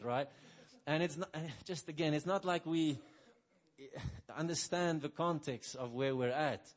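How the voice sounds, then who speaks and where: A middle-aged man preaching a sermon full of personal testimony, talking conversationally and often checking in with "right?", dropping soft and low when quoting his own words.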